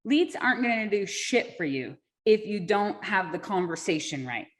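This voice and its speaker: A woman's voice: mid-range voice, big pitch swings, normal speed. A woman hosting an online sales forum over a video call, upbeat and encouraging as she reads questions and thanks her guest. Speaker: forum host. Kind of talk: casual online meeting talk.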